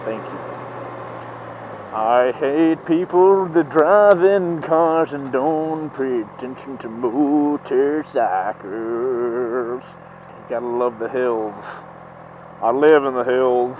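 A man's voice: medium pitch, slow, poor audio. A young man in a helmet, riding a motorcycle through city traffic, sarcastically ranting and swearing at other drivers. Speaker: vlogger. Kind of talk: casual helmet-cam commentary while riding. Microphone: mic inside a motorcycle helmet. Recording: helmet mic with loud road noise. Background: traffic and engine noise.

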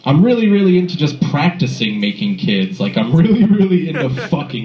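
A man doing a crude, animated stand-up set in a comedy club, recorded on a phone from the audience. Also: fairly high pitch, a little fast, hardly any pauses, echoey room, dull audio, background noise. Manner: crude, animated storytelling with acted-out voices. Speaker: stand-up comic.

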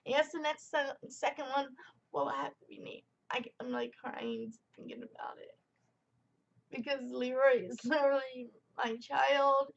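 Chatty young woman, creaky high voice. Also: muffled recording. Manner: rambling, chatty, fillers and tangents. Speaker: vape product reviewer. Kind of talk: casual product review vlog.

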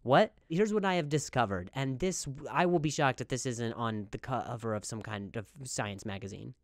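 A man's voice: mid-range voice, moderate pace, dry recording, clean studio sound. A male comedian doing a rambling comedic monologue, with a stutter that makes him repeat words. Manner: animated, rambling.

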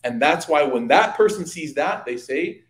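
A man giving an evening religious study talk, telling lively stories and speaking directly to his audience. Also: fairly high pitch, normal speed, reverberant. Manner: lively anecdotal storytelling, addressing audience. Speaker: religious teacher. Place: community hall.

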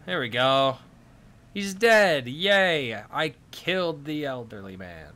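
A man's voice: fairly high pitch, expressive, slow pace, pushed and bright. A young man commenting casually on his own gameplay, swearing and breaking into frustrated outbursts. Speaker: gaming streamer.

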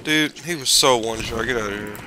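A man's voice: mid-range voice, fairly quick, noisy background. A man chatting casually while playing and recording a co-op game, teasing his friend. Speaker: gamer recording the session. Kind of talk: casual co-op gaming chat.

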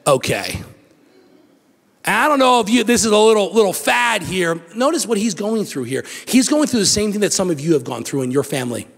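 A male pastor preaching a sermon, animated and acting out the story in different voices. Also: high voice, fast talker, vocal fry, hardly any pauses, big-room sound. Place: church sanctuary.

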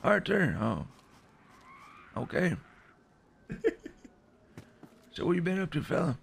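A man's voice: high voice, very animated, slow pace, vocal fry, breathy edge. A man hosting a gameplay video, chatting with strangers in crude, swear-filled, teasing banter. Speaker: gaming video host. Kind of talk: casual gameplay chat with strangers.

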